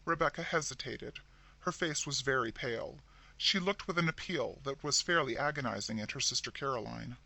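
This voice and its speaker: A man narrating a scripted horror story in a dramatic, expressive reading. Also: mid-range voice, fairly quick.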